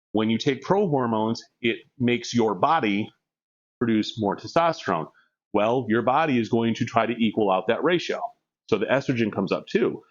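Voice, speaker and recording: A man's voice: lowish voice, highs cut off. A man streaming live during a gym session, chatting candidly and rambling, laughing often. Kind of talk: casual chat while working out.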